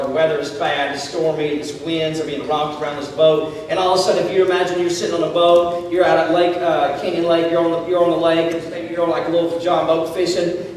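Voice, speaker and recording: A man preaching a lively sermon as a youth pastor, telling the story animatedly and acting out the dialogue. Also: a little high. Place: large echoey meeting hall. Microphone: distant room mic. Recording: echoey hall from far off, faint noise.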